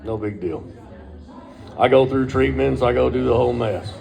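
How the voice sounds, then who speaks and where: Gravelly man spinning crude yarns. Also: mid-range voice, normal speed, a little mellow. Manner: crude, profane, laid-back yarn-spinning. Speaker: storyteller. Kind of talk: casual personal storytelling.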